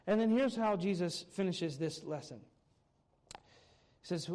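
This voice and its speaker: A male pastor delivers a sermon with a high-pitched voice for a man. He talks animatedly, rising to loud emphasis on key points and dropping to quiet asides. When he gets excited he repeats words. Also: unhurried, pauses often.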